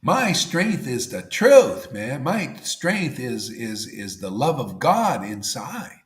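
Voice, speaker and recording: A man giving a devotional sermon in a casual way, saying 'see' and 'man', and swinging between loud emphasis and near-whispers. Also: medium pitch, sing-song, slow pace, roomy sound. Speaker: spiritual teacher.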